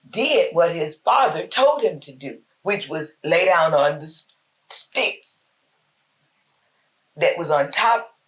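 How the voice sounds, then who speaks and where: A woman hosting a short Bible talk, preaching in a slow, emphatic, folksy way with lots of repetition. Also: low-pitched. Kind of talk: informal spoken devotional.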